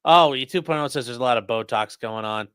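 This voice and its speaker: A male host giving livestream commentary in an animated, sarcastic way, reacting to clips and reading chat aloud. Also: medium pitch, fairly quick, clean tone, no room sound, clean studio sound.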